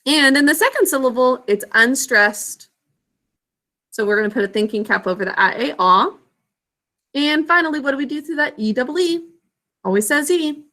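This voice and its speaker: A woman teacher leading a phonics and spelling lesson, stretching words out slowly and prompting the class to repeat after her. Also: high-pitched, lively intonation, pushed and bright. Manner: slow, drawn-out enunciation of words and sounds; call-and-response prompting.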